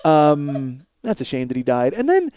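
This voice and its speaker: A man with a medium-pitched, mellow voice talks fast, his pitch swinging hugely, with no echo. He's hosting a podcast from his home studio at night, telling a long story in a rambling, profane, casual way full of filler.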